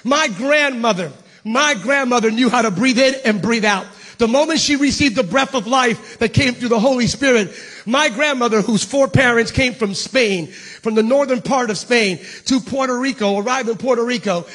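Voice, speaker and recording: A middle-aged man preaching a sermon as pastor, animated and playful with the congregation, dropping to a hush when telling a story. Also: very high-pitched, moderate pace, husky. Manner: addresses the congregation casually, calling them "baby". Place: church service.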